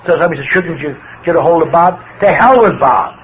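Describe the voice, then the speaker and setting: A man's voice: fairly high pitch, quick pace. An older man giving a plainspoken personal testimony to a recovery group, his voice swinging with emotion as he tells his story. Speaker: recovery speaker. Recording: dull lo-fi recording with faint hiss.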